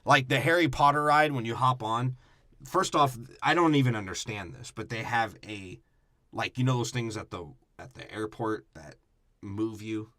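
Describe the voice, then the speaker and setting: A man's voice: mid-range voice, normal speed, pushed and bright, no echo, studio quality. A man co-hosting a podcast, giving a crude, profane movie breakdown and acting out characters in mocking voices. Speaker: podcast co-host.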